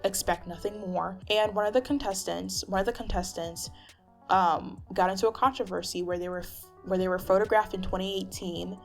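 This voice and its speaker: A woman's voice: medium pitch, vocal fry. A woman talking straight to camera in a casual vlog, exasperated and full of restarts. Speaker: vlogger.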